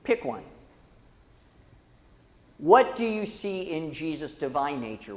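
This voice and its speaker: High-voiced lively man leading a Bible class. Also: measured pace, pauses often, big-room sound. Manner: lively, dramatic, calls out to the class. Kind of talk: church Bible class teaching. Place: church hall.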